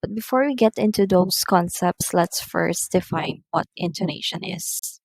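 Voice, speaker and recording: A woman giving a recorded English lesson, explaining slowly and deliberately and reading out numbered example sentences. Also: on the low side, vocal fry, husky, no echo, rough recording. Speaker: English teacher. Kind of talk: recorded online lecture.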